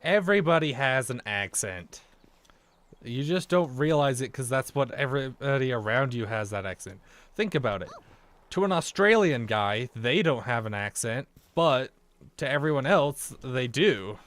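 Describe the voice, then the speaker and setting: A man's voice: mid-range voice, expressive, moderate pace, fairly bright tone. An American man chatting casually through a let's-play, rambling from thought to thought and talking to the game's characters. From United States. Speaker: gaming video creator.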